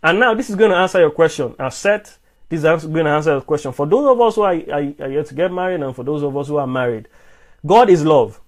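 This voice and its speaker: A man delivering a sermon to viewers, his voice sitting a little high for a man. He presses his points with repeated rhetorical questions and often restarts mid-phrase, repeating words as he goes. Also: animated, fast talker. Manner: repetitive, emphatic rhetorical questions. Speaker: preacher. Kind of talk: live-streamed sermon answering comments.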